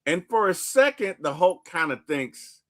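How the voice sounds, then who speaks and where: A man hosting a casual movie recap, retelling scenes in an animated way and acting them out. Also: sits high, a little slow, no room sound, clean studio sound. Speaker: podcast host.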